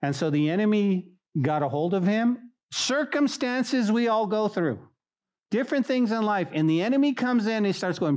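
A man's voice: sits high, normal speed. A man preaching a sermon as a pastor, telling stories and acting out mocking voices. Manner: animated, acts out mocking voices.

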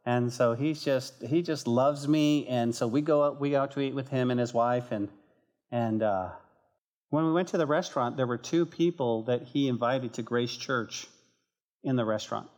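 An earnest male pastor preaching to his church in an easy, conversational way. His voice sits at a middle pitch, and he jumps higher and louder whenever he acts out someone's words or prayers. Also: moderate pace. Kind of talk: sermon.

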